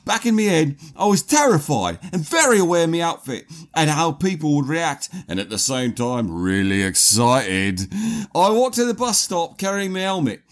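A man on a comedy podcast reading a story aloud in a playful, exaggerated put-on accent. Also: fairly high pitch. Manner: playful, exaggerated sing-song delivery. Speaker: podcast co-host.

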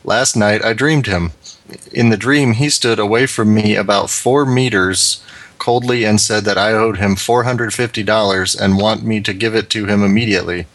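Man, low voice, dry close mic, reading a listener letter, wry comedy podcast. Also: fairly even intonation, moderate pace, a bit bright, no room sound.

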